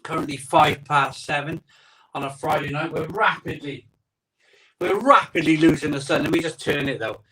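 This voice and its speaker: A rambling, chatty man with a voice that sits a little high for a man. He hosts a casual live stream from his home conservatory and talks into a phone mic. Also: moderate pace, bright, forceful tone, far from the mic, low-quality recording. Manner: rambling, chatty, reads out viewer comments. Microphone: iPhone microphone.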